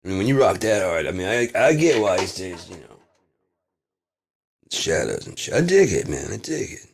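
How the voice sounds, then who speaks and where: A man delivering a rambling comedic monologue in laid-back rocker slang, drawling and swinging from loud bursts to mumbles. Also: deep voice, sing-song, moderate pace, vocal fry, breathy edge.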